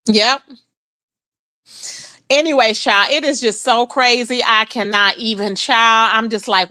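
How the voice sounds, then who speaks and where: A woman's voice: sits high, animated, unhurried, pauses often, sharp tone, no room sound. A woman hosting a casual gossip livestream, chatting with her viewers and calling them "child" and "baby.". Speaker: livestream host.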